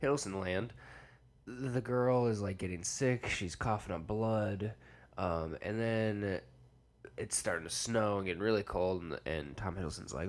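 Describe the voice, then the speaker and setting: A young man with a deep, low voice retells a film plot for his podcast. He rambles casually, drops slang and fillers, and tosses off quick imitations of the characters. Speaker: podcast host.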